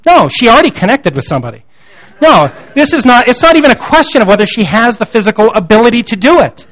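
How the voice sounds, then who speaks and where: A man's voice: very high-pitched, very animated, fast, a bit bright. A man in his thirties preaching a sermon, telling stories from his family life in a conversational, self-deprecating way. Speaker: pastor. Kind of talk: sermon with personal storytelling.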